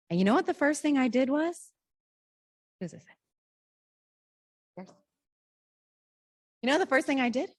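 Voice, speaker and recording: Animated woman telling a story. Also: high-pitched, unhurried, long pauses. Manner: lively, asks the audience questions. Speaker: children's book author giving a talk. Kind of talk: animated storytelling to a live audience. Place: library program room.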